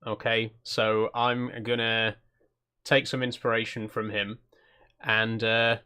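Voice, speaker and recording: A man's voice: on the low side, level tone, slow, bright, forceful tone, clean tone. A man hosting a channel, giving casual gameplay commentary in an easygoing, self-conscious way and chatting with viewers. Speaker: channel host.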